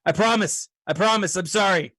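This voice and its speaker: High-voiced chatty man. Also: moderate pace, a bit bright, dry recording. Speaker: guest panelist. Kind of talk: casual group chat.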